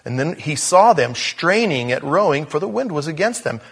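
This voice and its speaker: A man preaching a sermon in a conversational way, growing animated as he reads scripture aloud. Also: a little high, normal speed, creaky, husky, in a large hall.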